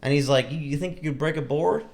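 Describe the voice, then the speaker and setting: A man's voice: fairly high pitch, fast talker, gravelly, a little mellow. A young man on a podcast telling a long story in a casual, rambling way, full of likes and restarts. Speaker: podcast co-host.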